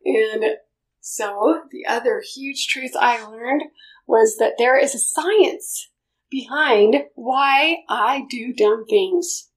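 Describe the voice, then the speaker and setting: A middle-aged woman with a high, light voice tells a personal story. She talks with strong emotion and leaps into loud, high-pitched outbursts at the tense points. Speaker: speaker sharing a personal story. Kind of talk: personal testimony talk.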